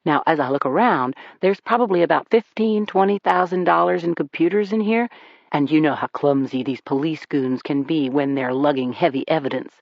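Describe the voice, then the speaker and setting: Audiobook: reader as a tough male lawman leaning on a suspect, calm and menacing, dry dull sound. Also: mid-range voice, normal speed, gravelly, dry recording, close to an everyday voice. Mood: threatening. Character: tough male ex-prosecutor cop, confident. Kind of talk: audiobook character reading.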